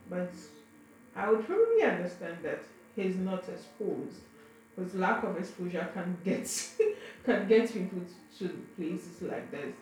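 A young adult woman telling a personal story to camera in a casual, frank way, often tripping over and repeating her words. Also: fairly low pitch. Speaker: vlogger. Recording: very echoey room, faint background noise.

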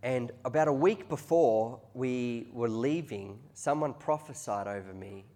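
A man preaching a conversational sermon that rises into loud, excited peaks. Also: medium pitch, measured pace. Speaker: pastor.

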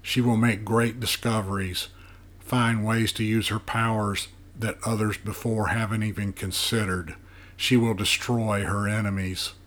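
A man voicing an ancient, scarred, chained male monster in an audiobook, speaking in a hoarse near-whisper, slow and solemn. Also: lowish voice, flat delivery, fairly bright tone. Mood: foreboding. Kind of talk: audiobook character voice.

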